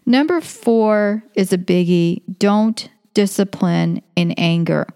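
A woman's voice: mid-range voice, slow pace, dark tone, clear, resonant tone, no echo, studio quality. A middle-aged woman, a homeschooling mother of five, giving earnest, faith-based parenting advice in a casual talk, working through numbered tips. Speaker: parenting guest.

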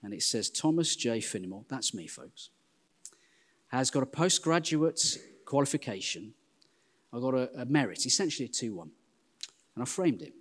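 An English man in his forties preaching a sermon in a church, telling self-deprecating stories in a lively way. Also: mid-range voice, normal speed, pauses often. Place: church hall. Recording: long hall reverb.

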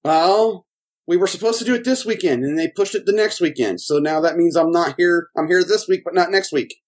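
A man co-hosting a podcast in casual chat, rambling and excitable, laughing often. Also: high voice, brisk. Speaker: podcast co-host.

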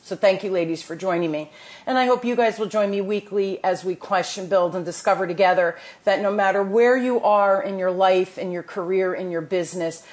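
A woman's voice: mid-range voice, a little fast, a little mellow. A woman with a New Jersey accent, hosting a podcast and giving enthusiastic, motivational talk full of restarts. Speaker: podcast host. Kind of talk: casual chat.

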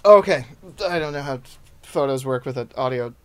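A man's voice: medium pitch, fairly quick, smooth. A man in his thirties, a stand-up comedian chatting as a podcast guest, telling rambling, self-deprecating stories. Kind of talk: casual podcast chat.

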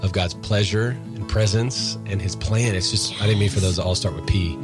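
A man's voice: low-pitched, normal speed, music in the background. A man in a casual faith conversation, telling stories and acting out sarcastic voices. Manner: animated storyteller who acts out sarcastic voices.

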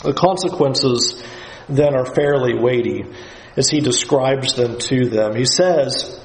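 A man's voice: medium pitch, slow pace, echoey room, rough recording. A man giving a Bible lesson in an emphatic way, often acting out the voices he quotes. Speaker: Bible teacher.

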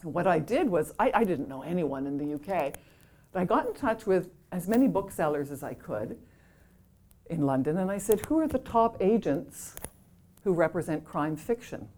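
A middle-aged Canadian woman tells an audience a self-deprecating anecdote in a lowish, dark-toned, expressive voice at a moderate pace. She laughs often and acts out the voices of the people she quotes.

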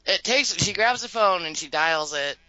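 A woman's voice: lowish voice, lively intonation, normal speed, sharp tone, highs cut off. A woman co-hosting a podcast, reading a scene-by-scene recap from her notes and laughing often between lines. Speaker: podcast co-host.

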